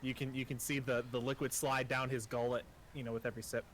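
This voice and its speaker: A man's voice: medium pitch, little pitch movement, quick pace, fairly bright tone, a little hiss or hum. A man narrating as game master in a casual, profane, self-deprecating way.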